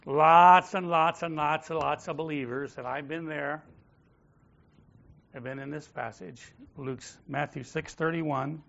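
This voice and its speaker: Man preaching a lively sermon, lo-fi. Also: on the high side, unhurried, vocal fry. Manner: rhetorical questions, calls on the congregation to repeat phrases. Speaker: pastor. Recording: dull lo-fi sound.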